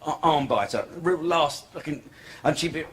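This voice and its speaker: A man's voice: on the high side, normal speed. An older man performing a crude, rambling, profane stand-up routine on a comedy club stage. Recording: live club with crowd laughter.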